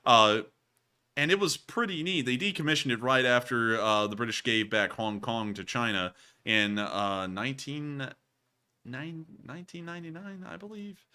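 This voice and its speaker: Male livestream host, casual rambling chatter, forceful bright tone. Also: medium pitch, lively intonation, moderate pace, smooth. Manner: rambling, many filler sounds.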